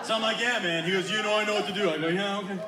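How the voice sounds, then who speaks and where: A man doing stand-up comedy, telling an animated story and playing both sides of the dialogue. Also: high-pitched, very fast, heavy background noise. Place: comedy club stage with live audience. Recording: live club room echo with crowd laughter.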